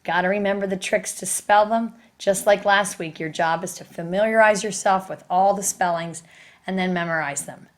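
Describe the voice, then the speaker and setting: A woman's voice: mid-range voice, steady tone, normal speed. A woman teaching a recorded spelling lesson, explaining each step patiently and asking her students questions.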